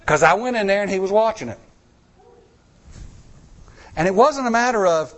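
Animated high-voiced male preacher. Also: normal speed, pauses often. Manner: animated, acts out quotes in shifting voices. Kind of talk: sermon with storytelling.

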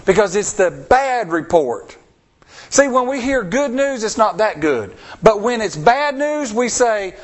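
A man preaches an expressive sermon, putting rhetorical questions to his congregation and acting out the voices of the people he quotes. His voice is high and his pace unhurried.

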